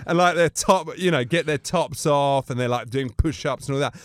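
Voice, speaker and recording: A man's voice: on the high side, normal speed, no room sound, clean studio sound. A middle-aged man from England, a comedian guest in a casual interview, telling anecdotes and acting out other people's voices. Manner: animated, acts out voices in his anecdotes.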